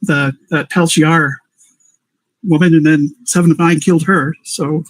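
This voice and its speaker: A man's voice: on the high side, fairly even intonation, measured pace, no echo, poor audio. A man on a stream panel making short, dismissive remarks in casual chat.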